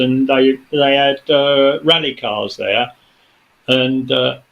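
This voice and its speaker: A man's voice: medium pitch, bright, forceful tone, poor audio. A man, a studio guest telling a long story in casual chat, rambling with many fillers and restarts.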